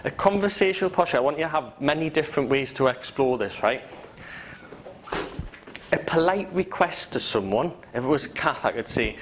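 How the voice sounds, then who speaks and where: A hypnotherapy trainer with a Geordie accent teaches a live class in a training room full of students, cracking jokes and acting out example phrases. His medium-pitched voice is expressive and moderately paced, on a low-quality recording with slight hiss or hum.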